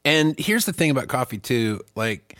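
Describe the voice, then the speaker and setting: A man's voice: medium pitch, big pitch swings, normal speed, fairly bright tone, no echo, studio quality. A man in his thirties chatting casually on a podcast, rambling and mocking himself with frequent laughs. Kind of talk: casual chat.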